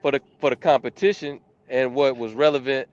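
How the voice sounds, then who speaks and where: A man's voice: mid-range voice, steady tone, brisk, darkish tone, dull audio. A man judging poetry, explaining his scores in a casual, hesitant way while he searches for words. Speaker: judge. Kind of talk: casual chat.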